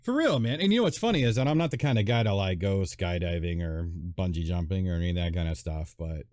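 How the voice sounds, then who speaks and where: A low-pitched man hosts a casual livestream chat, his voice swinging widely as he tells stories. He chuckles often and sounds enthusiastic. The sound is dry and close. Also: lively intonation, fast, darkish tone, no echo. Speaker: stream host.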